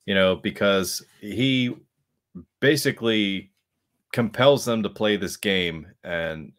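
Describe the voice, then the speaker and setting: Low-voiced laid-back man on a podcast. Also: takes it slowly, a bit bright. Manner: laid-back, agreeable, chimes in. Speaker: podcast co-host. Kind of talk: casual movie review chat.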